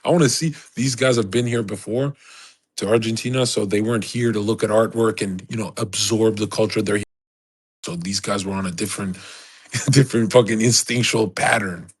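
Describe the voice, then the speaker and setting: Husky-voiced man telling a boastful story. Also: medium pitch. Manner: profane, boastful, rambling. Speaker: livestreamer. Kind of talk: casual storytelling.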